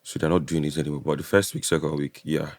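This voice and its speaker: A young Nigerian man chatting as a guest, telling animated stories and acting out what others said. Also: extremely low pitch, fast talker, no echo. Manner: animated storyteller, mimics others, laughs often. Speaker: guest, ex reality show housemate. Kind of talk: casual chat.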